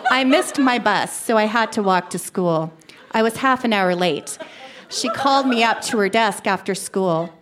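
A woman's voice: medium pitch, expressive, moderate pace. Woman, adult, reading her old story aloud on stage, dramatic emphasis, faint noise behind. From Canada. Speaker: reader of her childhood story. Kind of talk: live reading to an audience. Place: live venue.

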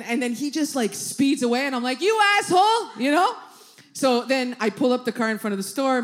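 A woman doing a stand-up comedy set, telling brash, swearing stories in punchy bursts. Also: medium pitch. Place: comedy club stage, audience laughing.

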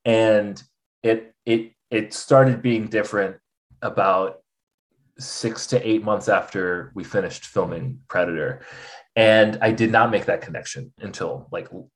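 A young man with a fairly low voice talks openly as a podcast guest. He tells his story with animation and acts out the voices of others as he goes. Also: unhurried. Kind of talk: candid conversational storytelling.

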